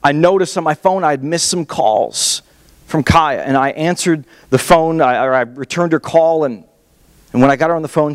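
Animated pastor telling a story in a hall. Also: male voice, on the high side, normal speed. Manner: animated, self-mocking storyteller. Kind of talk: storytelling sermon. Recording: long reverb of a large hall.

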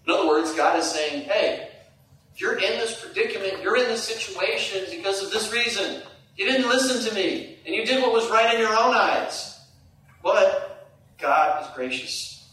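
Man preaching in an echoey hall. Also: normal speed. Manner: animated, rising to high emphatic peaks and dropping to hushed asides. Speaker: pastor. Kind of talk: sermon. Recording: echoey hall, distant mic.

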